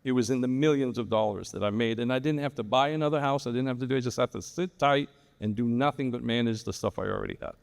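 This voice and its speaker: A man's voice: mid-range voice, fast, gravelly, smooth. A man on a live real estate panel, telling a long story with many restarts. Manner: rambling storyteller, frequent restarts. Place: large hall at a live event. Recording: reverberant hall sound.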